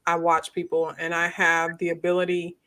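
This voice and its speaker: A woman hosting a casual live-stream chat, animated and quick to laugh, her voice jumping high when she jokes. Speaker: host.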